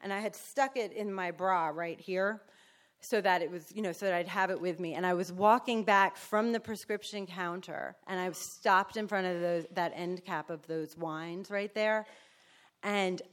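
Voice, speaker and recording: A woman with a fairly low voice tells her recovery story in a frank, emotional way. She talks bluntly and swears freely. She often slips into animated impressions of the people she describes. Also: moderate pace. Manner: animated storyteller who acts out other people. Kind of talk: candid personal testimony.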